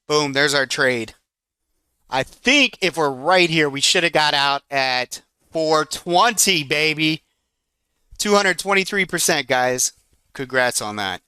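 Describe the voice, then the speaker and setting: A man in his forties teaching in a live trading room, chatty and excitable, breaking off now and then to manage his trades. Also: on the high side, smooth, no echo, clean studio sound. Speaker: trading educator.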